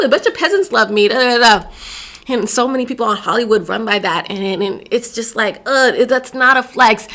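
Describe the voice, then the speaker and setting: A young adult woman from Virginia, USA, hosts a solo podcast, giving emphatic, sassy, opinionated commentary. Her voice is fairly high and fairly bright.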